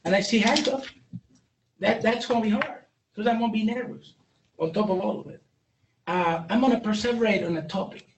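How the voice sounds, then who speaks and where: A man's voice: high voice, brisk. A man giving a candid, joking training talk to a live audience, with frequent restarts and stumbles. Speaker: speaker training police on brain injury. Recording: roomy, distant mic, faint noise.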